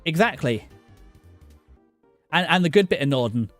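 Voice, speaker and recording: A man's voice: on the high side, expressive, a bit bright, no room sound, faint music behind. Middle-aged man, game streamer, chatty, stop-start delivery. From southern England. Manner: chatty, talks to chat by name, halting restarts. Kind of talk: casual live-stream chat over gameplay.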